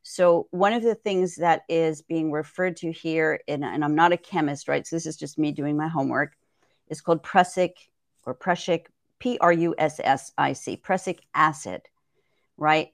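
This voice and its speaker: A woman with a lowish voice talks as a guest on a podcast, laying out her herbal knowledge step by step. She is thoughtful and conversational, tagging her points with "right?". The sound is dry and close. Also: moderate pace, vocal fry, no echo. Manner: thoughtful, explanatory, frequent "right?".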